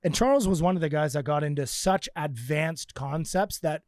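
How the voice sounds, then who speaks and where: A man telling training stories in a casual podcast chat, animated and acting out quotes. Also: a little high, normal speed, no room sound, studio quality. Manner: animated storyteller, acts out quotes.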